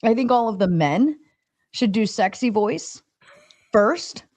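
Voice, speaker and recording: A woman's voice: on the high side, expressive, takes it slowly, a little mellow, no room sound. A woman hosting a live stream panel in casual chat, giggly and bantering, swearing freely. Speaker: stream host and panel moderator.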